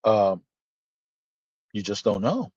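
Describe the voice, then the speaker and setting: A man telling a story in casual podcast chat, animated and profane, acting out the dialogue. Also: on the low side, slow pace, husky, no echo. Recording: dull, slightly lo-fi dry sound.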